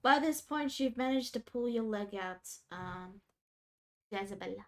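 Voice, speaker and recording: A woman's voice: a little high, lively intonation, a little slow, a bit bright. A woman narrating as game master of a tabletop role-playing game, casual and descriptive.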